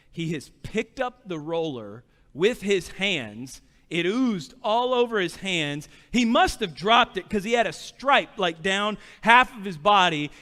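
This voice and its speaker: Male pastor, 30s, high crisp voice, lively story-driven sermon, big reverberant hall. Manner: animated storytelling, acting out quotes, rising to shouts. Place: church hall.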